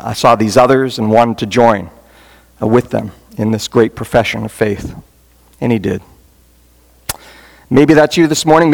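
A man with a gravelly, creaky voice preaches as a pastor from a church, leading an altar call. He talks in an earnest, folksy way, with touches of humor. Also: medium pitch. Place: church sanctuary.

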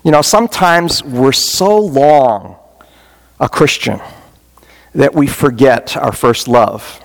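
A man's voice: mid-range voice, takes it slowly, creaky. A man preaching as a pastor in a church, giving an earnest, folksy altar call with touches of humor. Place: church sanctuary.

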